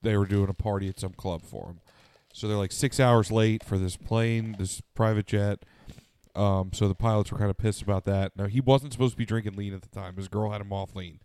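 A man's voice: on the low side, fairly even intonation, brisk, darkish tone, clean tone, no echo. A man co-hosting a casual podcast, telling a long story with lots of swearing and fillers, tired and sniffly. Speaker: podcast co-host.

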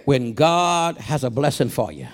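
A man's voice: medium pitch, very animated. A middle-aged man preaching a sermon as a guest preacher, passionate and rhythmic, with repeated refrains and "uh" lead-ins. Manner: breaks into chanted delivery with drawn-out "uh" lead-ins.

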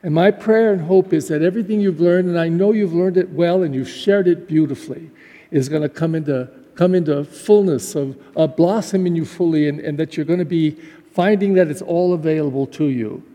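A Catholic pastor, a man, preaches a graduation homily with a high yet mellow voice. He talks in a heartfelt, conversational way and often restarts his sentences. His words ring out with the long reverb of a church. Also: a little fast. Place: church during Mass.

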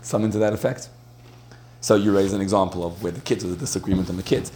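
A man with a lowish, mellow voice gives a storytelling talk to an audience, speaking fast with fairly even intonation. He's loose and chatty, often stumbling and restarting, and laughs between points. A faint hiss sits under the recording.

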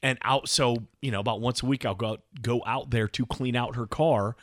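A man co-hosting a casual podcast, telling animated stories. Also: medium pitch, a little fast, dry recording. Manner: animated storyteller, mimics his wife in a raised voice. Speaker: podcast co-host. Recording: dry close mic in basement.

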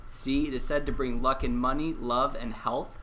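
A man playing quiz master on a casual podcast, reading multiple-choice questions deliberately. His voice is bright and forceful at a middle pitch, and he teases the others. Faint noise hums behind him. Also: fairly even intonation, poor audio. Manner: reads questions deliberately, teasing.

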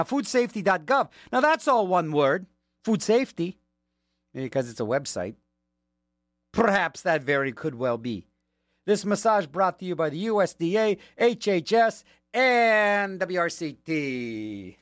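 A man's voice: sits high, no room sound. A man working as a radio DJ, chatting casually between songs with rambling, joking asides, from a studio mic.

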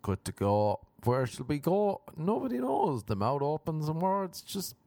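Brief: male podcast host, unscripted and profane, lively rising and falling pitch, dry close sound. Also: measured pace, creaky, no echo. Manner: jokey, crude, rambling, playful voices. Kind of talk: unscripted solo podcast rambling. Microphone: microphone into laptop.

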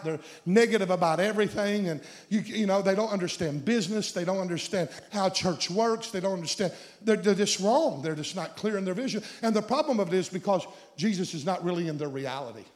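A man with a high voice preaches a sermon in a sanctuary with a long reverb trailing each phrase. He questions the congregation directly and builds his lines up into shouts at the climaxes. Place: church sanctuary.

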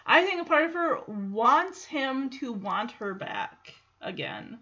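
Chatty, bright-voiced woman podcast host. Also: high voice, sing-song, slow, muffled recording. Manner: chatty, laughs often, acts out characters' lines. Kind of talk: casual episode recap.

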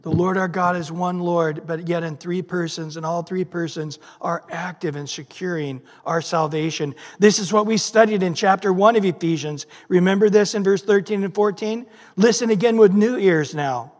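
A man's voice: high-pitched, moderate pace, hardly any pauses, long reverb tail. A middle-aged man preaching a sermon, emphatic, often asking his listeners questions and answering them. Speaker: pastor.

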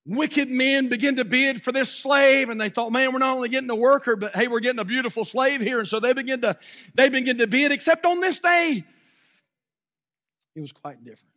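A man preaching a sermon from a church pulpit, telling a story dramatically with sudden hushed drops and loud shouted peaks, then leading prayer. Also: very high-pitched, a little fast. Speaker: pastor.

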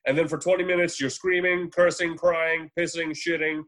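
A man's voice: a little high, fairly even intonation, a bit bright. Rambling, swearing man chatting movies. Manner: rambling, swears freely, does quick voices in anecdotes. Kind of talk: casual movie chat.

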